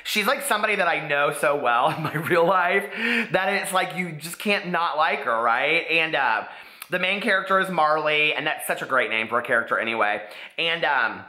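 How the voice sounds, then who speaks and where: A man in his thirties talks casually about books, gushing, with constant "like"s. His voice is very bright and a little high. The room around him has a noticeable echo. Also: lively intonation, moderate pace. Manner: chatty, gushing, many "like"s. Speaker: booktube host. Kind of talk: casual book review vlog. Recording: echoey room.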